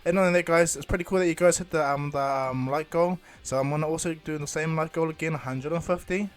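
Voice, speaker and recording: A man's voice: on the high side, quick pace, faint music behind. A man improvising a fan story retelling, rambling with many ums and restarts and briefly voicing the characters. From New Zealand.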